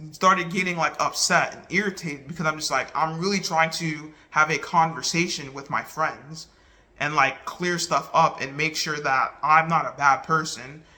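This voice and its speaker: Man vlogging, piercing bright voice, slightly high, earnest, restarts a lot. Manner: earnest, halting retelling with many restarts. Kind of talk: casual talk to camera.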